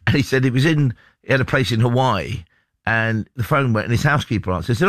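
Fast-talking man hosting sports radio. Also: medium pitch, fairly bright tone, no echo. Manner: quick, jokey banter. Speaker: radio show host. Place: radio studio.

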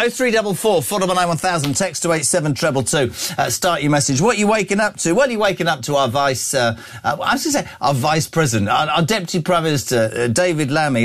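This is an older man from the UK hosting breakfast talk radio. He is opinionated and emphatic. His voice sits a little high for a man and jumps around a lot. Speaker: radio host.

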